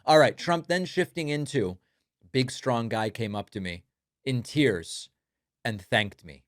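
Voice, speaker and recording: A man's voice: medium pitch, animated, a little slow, dry recording. Dry, sarcastic male commentary host. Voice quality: dry, mocking delivery.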